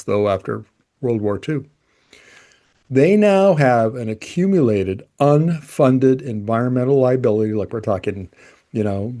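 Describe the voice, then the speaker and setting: A man's voice: mid-range voice, a little mellow. A man giving conversational, emphatic energy commentary, often restarting his sentences. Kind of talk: opinion commentary to camera.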